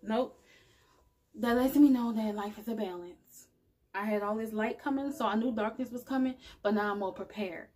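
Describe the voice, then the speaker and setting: A woman speaks straight to her viewers in a casual, earnest, chatty motivational vlog about spirituality. Her voice is on the high side and a little mellow with a breathy edge, at a normal speed.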